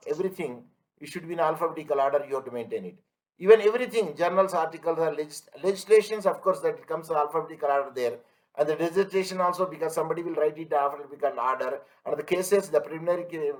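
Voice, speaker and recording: High-voiced man lecturing. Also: fast talker, poor audio. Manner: repeats points, asks if students follow; everyday analogies, emphatic. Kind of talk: online class lecture.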